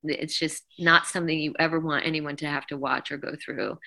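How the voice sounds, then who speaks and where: A middle-aged woman with a low voice that still carries a bright, clear edge. She tells her story as an interview guest, animated and emotional, slipping into the voices of the people she quotes. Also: a little fast. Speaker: guest singer.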